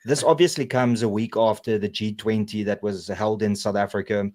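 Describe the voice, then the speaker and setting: Easygoing male host, low voice. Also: normal speed. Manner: relaxed, filler-heavy, hesitant. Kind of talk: live stream moderation.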